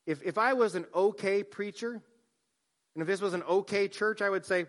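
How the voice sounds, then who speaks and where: A man, a pastor, preaching a sermon, swinging from soft hushed line endings to loud emphatic lines. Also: high-pitched, brisk.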